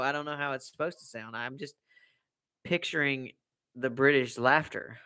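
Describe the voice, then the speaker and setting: Bright-voiced rambling American man live. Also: medium pitch, normal speed, clear, resonant tone. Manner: rambling, repeats himself. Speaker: livestream host. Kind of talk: casual live chat.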